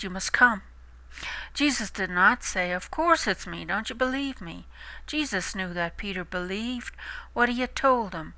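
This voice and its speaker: A woman reading and explaining a Bible passage, slow and emphatic, restating words with alternate glosses. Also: mid-range voice, bright, forceful tone, no room sound, low-quality recording. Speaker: Bible teacher.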